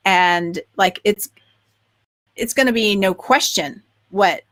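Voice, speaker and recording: A woman's voice: medium pitch, takes it slowly, a bit bright, no room sound. A woman co-hosting a podcast in casual chat, talking with eager enthusiasm and many restarts and fillers. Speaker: podcast co-host.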